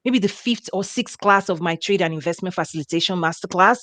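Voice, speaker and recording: A woman's voice: fairly low pitch, no echo. Emphatic woman hosting an interview. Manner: emphatic, lively, drawn-out exclamations. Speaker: interview host. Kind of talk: conversational interview.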